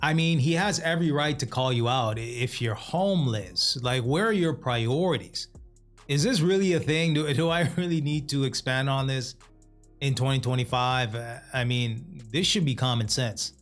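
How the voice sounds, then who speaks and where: A man's voice: mid-range voice, moderate pace, faint music behind. A man hosting a reaction video, lecturing and mocking in a commentary style with rhetorical questions. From North America. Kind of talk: commentary on clips.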